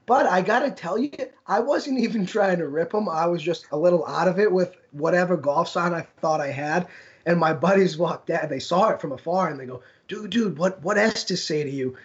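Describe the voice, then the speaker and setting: A man's voice: high-pitched, brisk. A young man co-hosting a podcast, telling stories in casual chat with a laugh in his voice. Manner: storytelling, laughs while talking. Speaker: podcast co-host. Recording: dull lo-fi podcast audio.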